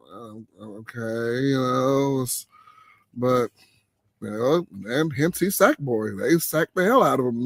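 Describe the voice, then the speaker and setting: A man hosting a casual late-night chat, animated, his voice leaping high when he gets excited. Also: no echo. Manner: animated, exclaims with big pitch jumps when excited. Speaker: podcast host.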